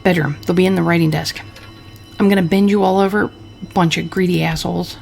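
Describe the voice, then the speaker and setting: A woman voicing a crude, drunken, scheming husband from the 1940s, talking gruffly and cursing. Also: fairly low pitch, fairly even intonation, brisk, a little mellow, faint music behind. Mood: grumbling. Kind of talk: reading game dialogue aloud.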